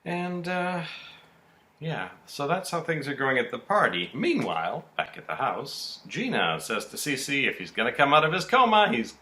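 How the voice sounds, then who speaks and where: A man co-hosting a podcast, casually recapping soap-opera episodes in an animated storytelling way and acting out the characters' lines. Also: mid-range voice, moderate pace. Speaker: podcast co-host.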